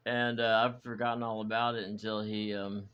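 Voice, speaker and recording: A man's voice: on the low side, flat delivery, normal speed, a bit bright, clean tone, lo-fi sound. A man chatting in a reflective, wandering way, full of fillers and restarts, as the host of a hobby vlog. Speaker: channel host, hobby model builder. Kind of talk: rambling personal vlog chat.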